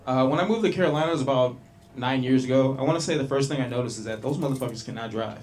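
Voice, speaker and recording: A man's voice: mid-range voice, fast, darkish tone. A man from Long Beach, California doing a loose, profane stand-up set at an open mic, bantering with the crowd. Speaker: stand-up comedian. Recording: small club with faint noise.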